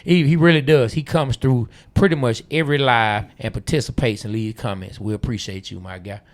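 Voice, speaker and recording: Laid-back host hyping listeners. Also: male voice, medium pitch, fairly even intonation, brisk. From Atlanta, USA. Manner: loose, teasing, hype, reads listener comments aloud. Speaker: podcast co-host. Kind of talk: casual podcast chat.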